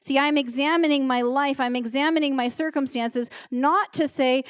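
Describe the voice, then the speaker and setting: A middle-aged woman pastor preaching a sermon in an earnest, emotional way, slowing down to stress key words. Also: high-pitched, clean tone, dry recording, clean studio sound. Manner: earnest, emotional, slows down for emphasis. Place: church stage.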